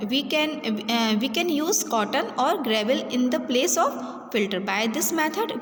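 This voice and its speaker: A woman's voice: high voice, slight background noise. Woman teacher in an echoey room. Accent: Indian English. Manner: halting, restarts and repeats words while explaining. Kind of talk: online class lecture. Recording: roomy echo with long reverb, faint ambience.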